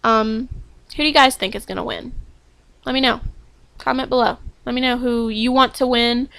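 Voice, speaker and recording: A woman's voice: a little high, fairly even intonation, normal speed, gravelly, fairly bright tone, dry recording. A young woman chatting casually to camera as a fan vlogger, bubbly and gushing, with lots of ums.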